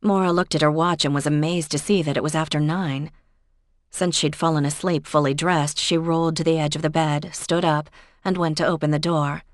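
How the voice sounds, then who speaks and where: Woman narrator, audiobook, even steady reading, low voice, dry close recording. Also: normal speed, no room sound. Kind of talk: scripted narration.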